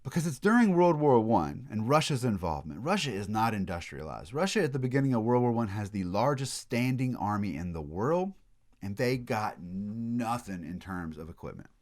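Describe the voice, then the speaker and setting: A man's voice: fairly low pitch, big pitch swings, normal speed, a little mellow. A man giving a recorded college history lecture, telling it as a story with casual asides and frequent restarts.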